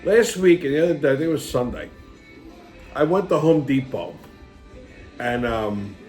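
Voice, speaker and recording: A man's voice: mid-range voice, animated, moderate pace, a little mellow, faint music behind. A middle-aged man, hosting a show and telling a rambling, profane anecdote while laughing often. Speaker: podcast host. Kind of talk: casual storytelling monologue.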